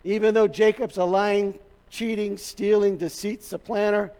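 High-voiced pastor preaching in a hall. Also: male voice, normal speed, warm tone. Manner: conversational storytelling with humor. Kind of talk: sermon. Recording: reverberant hall.

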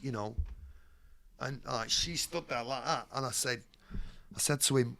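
A man's voice: medium pitch, moderate pace, vocal fry, fairly bright tone. A man, a guest in an interview, telling his life story bluntly, streetwise and swearing freely.

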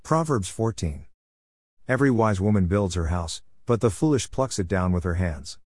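Low-voiced man reading scripture aloud. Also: no room sound, studio quality. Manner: measured, even delivery of archaic text. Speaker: scripture reader.

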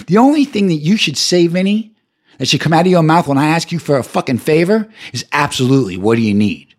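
An angry man rants alone on his podcast, swearing constantly. His husky voice swings through a wide pitch range and jumps up high whenever he gets worked up. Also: animated, brisk, darkish tone. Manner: profane, ranting, voice jumps high when heated. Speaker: podcast host. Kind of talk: angry solo rant.

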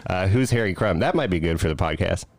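A man's voice: low-pitched, animated, quick pace. A man co-hosting a podcast, chatting casually about movies and tossing in jokes. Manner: joking asides, quotes movie lines. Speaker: podcast co-host.

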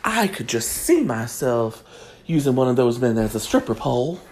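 A woman's voice: rumbling low, very animated, normal speed, a little mellow, slight background noise. A woman delivering a sassy, mock-prim comedic gossip monologue as host.

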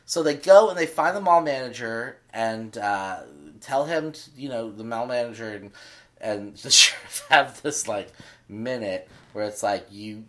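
A man co-hosting a casual podcast chat, telling stories in an animated way and acting out characters' lines. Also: medium pitch, a little slow. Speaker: podcast co-host.

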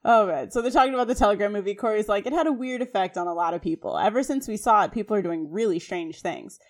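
A woman co-hosts a casual podcast and walks through a sitcom episode scene by scene. She rattles off quoted lines quickly and animatedly, with a light conversational tone. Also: mid-range voice. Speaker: podcast co-host. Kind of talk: casual recap chat.

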